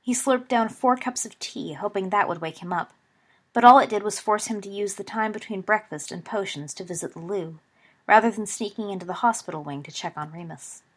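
A woman reading fan fiction aloud as an audiobook, in a steady storytelling manner. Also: mid-range voice, fairly quick. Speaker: audiobook reader.

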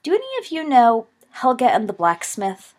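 Woman playing a loud know-it-all older wizard, booming and pitched up, storybook. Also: wildly swooping pitch, moderate pace. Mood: hearty. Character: boisterous young adult wizard, loves to lecture. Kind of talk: audiobook character voice.

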